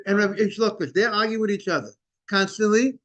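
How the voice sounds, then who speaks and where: High-voiced rabbi teaching with many restarts. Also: male voice, quick pace, a bit bright. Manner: repeats words, restarts, digresses, greets students. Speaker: rabbi teaching Talmud class. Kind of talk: informal Talmud lesson.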